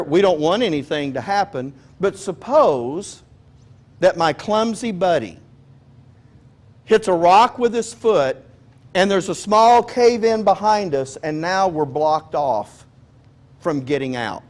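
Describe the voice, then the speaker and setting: Guy preaching, chatty and jokey, keeps asking the crowd questions, high voice that swings all over. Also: animated, slow, darkish tone. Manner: conversational and joking, asks the audience questions often. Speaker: pastor. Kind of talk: sermon.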